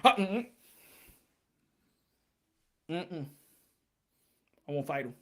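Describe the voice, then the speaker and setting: A man's voice: a little high, expressive, drawn-out words, heavy background noise. A man hosting a casual boxing live stream, bantering with his chat in a profane, laughing way. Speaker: boxing channel host.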